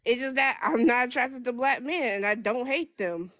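A young woman speaking as a guest in casual chat, with a stutter that breaks her speech into halting restarts. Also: on the high side, a bit bright, dry recording.

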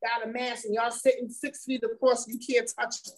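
A woman's voice: on the high side, level tone, moderate pace, slight background noise, rough recording. A woman speaking candidly and emphatically as the wife of an incarcerated man, repeating words and laughing as she talks. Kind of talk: candid conversational testimony.

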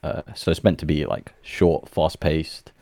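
A man's voice: rumbling low, fairly even intonation, measured pace, gravelly, mellow, no room sound. A man co-hosting a podcast, telling a story in an upbeat, laid-back way with plenty of fillers. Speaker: podcast co-host. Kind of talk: casual chat.

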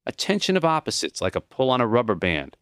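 A man doing a soft-spoken dying old professor. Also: medium pitch, fast talker, clean tone, dry recording, clean studio sound. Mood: teacherly. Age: older. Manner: calm, accepting, wobbly when breath runs short. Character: gentle old male professor, dying, short of breath.

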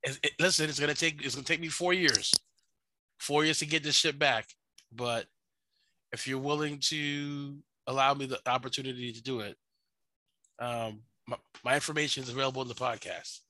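A man's voice: medium pitch, fairly even intonation, moderate pace, bright, forceful tone, poor audio. A man co-hosting a sports podcast, trading playful banter in a casual chat. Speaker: podcast co-host.

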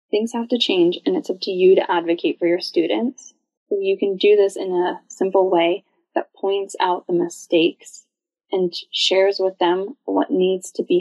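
A woman's voice: mid-range voice, mellow, no room sound. A woman hosting an instructional podcast, talking casually with self-aware asides. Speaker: orientation and mobility instructor, podcast host. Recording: dull lo-fi dry sound.

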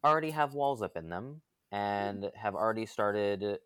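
A man co-hosting a podcast in a casual group chat, talking in a relaxed, rambling way with fillers. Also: lowish voice, moderate pace, smooth, dry recording. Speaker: podcast co-host.

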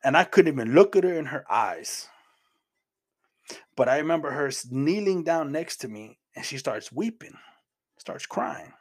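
Speaking at a moderate pace, a middle-aged man from Houston, Texas tells his Christian testimony as a personal story. His voice is fairly high and expressive, and he comes across as earnest and plain-spoken, repeating words as he goes.

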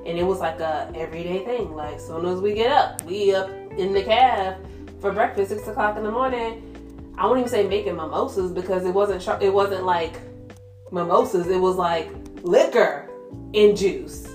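A woman's voice: mid-range voice, normal speed. A young woman candidly telling her faith story in casual chat, slangy and full of "like" fillers. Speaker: guest sharing her testimony. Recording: roomy echo with soft music behind.

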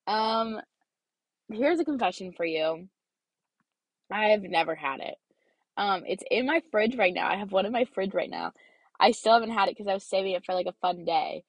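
A woman's voice: medium pitch, normal speed, no room sound. A young woman in her twenties, a student, telling a rambling, filler-heavy story in a casual vlog, a bit congested. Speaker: student vlogger.

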